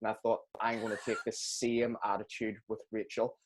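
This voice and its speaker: A man's voice: on the low side, little pitch movement, moderate pace, slight background noise. A man hosting a podcast, joking and self-deprecating, laughing often. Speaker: podcast host. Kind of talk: casual interview chat.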